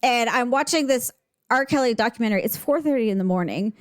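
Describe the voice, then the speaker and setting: A woman's voice: on the high side, fast talker. A woman co-hosting a podcast, chatting casually and telling stories, acting out what others said. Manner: chatty storyteller, quotes others in lively voices. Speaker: podcast co-host. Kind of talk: casual chat.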